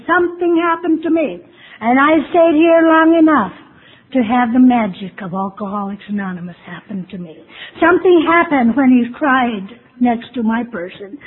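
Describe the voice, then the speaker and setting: A woman telling her personal recovery story to a meeting, candid and self-mocking with wry humor. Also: sits high. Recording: tinny phone-like lo-fi recording with faint hiss.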